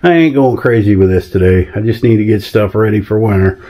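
A man's voice: fairly low pitch, a little fast, mellow. Easygoing man vlogging outdoors. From American South. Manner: easygoing, folksy, talks to animals. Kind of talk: casual vlog narration. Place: outdoors on a rural property.

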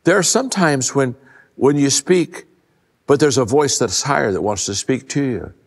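An older man in a mid-range voice gives a folksy keynote talk, telling stories with plenty of stammered restarts. He sinks his voice low to hammer home key points. The sound carries a long reverb from a large event hall. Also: animated, moderate pace. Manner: folksy storyteller, many stammered restarts, drops low for emphasis. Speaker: leadership speaker. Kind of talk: conversational keynote talk to a live audience.

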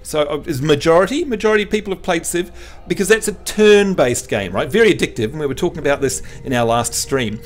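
Chatty male game streamer, slightly high voice. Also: animated, quick pace, faint music behind. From New Zealand. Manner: chatty, jokey, teasing the chat. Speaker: livestream host. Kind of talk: casual livestream chat and game tutorial.

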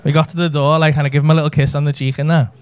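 A man's voice: a little high, level tone, racing. A man, telling a brash, sweary story in a stand-up set. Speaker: stand-up comedian. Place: comedy club stage with audience laughter.

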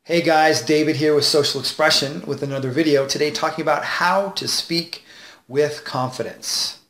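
A man as a confidence coach, giving advice straight to camera with clear enunciation, shifting tonality and deliberate pauses. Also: fairly high pitch, steady tone, a bit bright, roomy sound. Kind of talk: direct-to-camera advice video.

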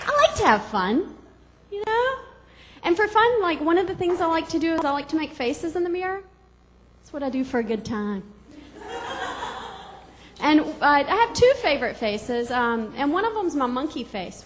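Bubbly female comic from Georgia, high voice, on a club stage with a long reverb tail and faint room noise. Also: very animated, moderate pace, pauses often, some chatter behind. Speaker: stand-up comedian. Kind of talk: stand-up comedy.

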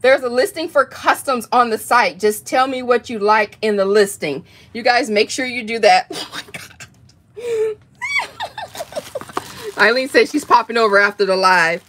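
A woman with excitedly unboxing gifts on a livestream, gushing, gasping and laughing often. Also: a little high, normal speed, hardly any pauses, a little hiss or hum. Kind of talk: excited live unboxing chat.

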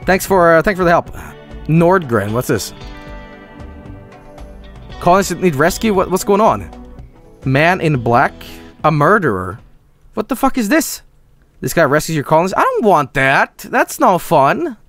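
Young guy streaming a game, sarcastic, goes from yelling to mumbling, kinda high voice. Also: sing-song, measured pace, long pauses, soft background music. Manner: swings between yelling and mumbling; sweary and sarcastic.

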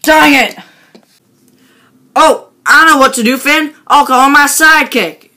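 A loud, goofy tow truck man who yells every line to make it dramatic, voiced by a woman. The voice sits high and bright for the part. A faint hiss runs under the toy-play recording. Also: slow pace, heavily acted. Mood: eager. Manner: yelling, over-the-top dramatic.

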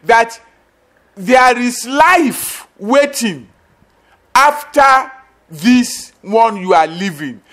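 High-voiced pastor preaching slowly. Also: male voice, animated, fairly bright tone. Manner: emphatic, repetitive preaching with sudden bursts and drops. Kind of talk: sermon.

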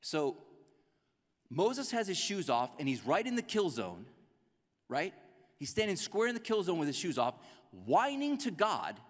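A man preaching a sermon as a pastor, in a conversational, animated way that acts out quotes. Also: a little high, big-room sound. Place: church sanctuary.

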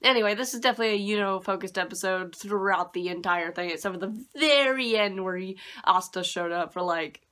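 Woman reviewer, rambling and unimpressed, crisp bright voice, casual chat. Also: mid-range voice, brisk, few pauses. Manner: rambling, dismissive, laughs often. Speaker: anime reviewer.

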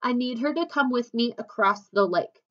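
A woman's voice: a little high, lively intonation, normal speed, a bit bright, muffled recording. A woman voicing a young schoolgirl in a storybook, earnest and careful, nervous but resolute.

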